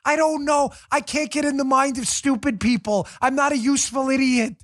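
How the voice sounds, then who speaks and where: A man's voice: very high-pitched, steady tone, normal speed, a bit bright, dry recording, studio quality. An American man hosting a political podcast, talking sarcastically and laughing often as he mocks. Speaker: podcast host. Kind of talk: political commentary.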